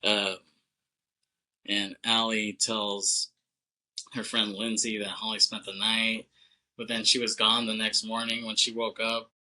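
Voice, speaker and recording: A man co-hosting a podcast, recapping a film plot in a loose, chatty way, full of "like", quick laughs and casual swearing. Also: lowish voice, level tone, pushed and bright, rough recording. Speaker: podcast co-host.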